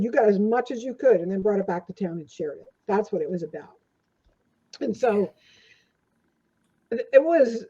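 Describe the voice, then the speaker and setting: Dark in tone with a breathy edge, this older woman's medium-pitched voice carries rambling, filler-heavy stories as an interview guest. The conversation is casual and the recording is dull and lo-fi.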